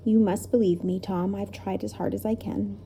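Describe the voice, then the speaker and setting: A woman voicing a brave, gentle old male professor in a storybook reading, speaking in a measured, formal way. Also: mid-range voice, fairly even intonation, slight background noise, lightly acted.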